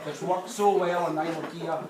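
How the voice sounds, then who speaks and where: A man's voice: on the high side, fairly even intonation, moderate pace, far from the mic, natural voice. A man doing a frisky old Scottish woman. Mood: pleading. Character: frisky old woman of eighty-six in a care home. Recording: echoey hall, from afar, loud noise.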